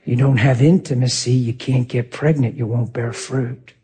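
A man's voice: mid-range voice, moderate pace. A man preaching a sermon, telling a personal story with lots of energy and acting out what people said. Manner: animated, acts out quotes, laughs often.

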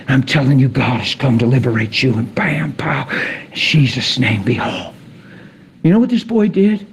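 A man preaching a sermon, telling stories dramatically, sinking to a whisper and then rising to excited peaks. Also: medium pitch, normal speed, slight background noise.

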